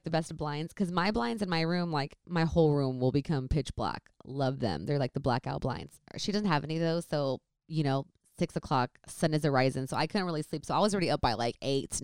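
A young woman tells a story in easygoing, chatty talk. Her voice sits low and smooth. The recording is dry and close, with no room sound. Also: dry recording. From San Francisco Bay Area, California. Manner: chatty, lots of "like". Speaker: vlogger. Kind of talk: casual storytime chat.

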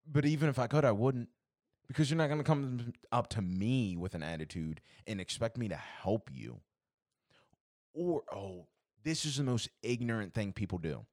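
A man's voice: medium pitch, lively intonation, normal speed, a little mellow, dry recording, clean studio sound. A young man co-hosting a podcast, ranting in an exasperated, profane way in casual chat. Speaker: podcast co-host.

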